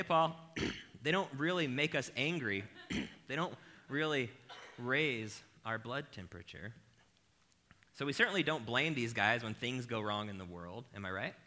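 Male preacher, bright ringing tone, jokey and self-mocking, talks right to the crowd. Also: mid-range voice, normal speed. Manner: animated, self-deprecating, addresses the crowd directly. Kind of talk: humorous conversational sermon.

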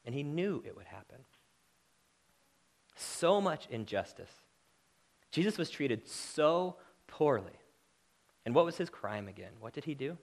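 A man's voice: sing-song, a little slow, vocal fry, long pauses. Impassioned male preacher with emphatic swings. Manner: impassioned, rising to emphatic peaks then dropping low. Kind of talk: sermon.

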